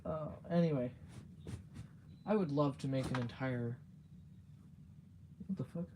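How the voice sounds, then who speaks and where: A man's voice: medium pitch, unhurried, background noise. A man chatting on a livestream, rambling with filler words, giggling often and swearing casually. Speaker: streamer.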